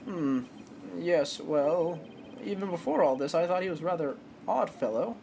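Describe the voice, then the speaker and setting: Brief: a woman playing an older male judge, fussy and musing, lively pitch. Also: moderate pace, vocal fry, slight background noise.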